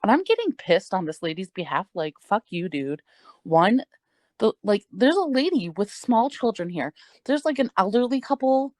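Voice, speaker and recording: On the high side and very animated, this young woman's darkish voice moves at a moderate pace with no room sound. As a podcast co-host, she tells a rambling story packed with "like," frequent swearing and laughter.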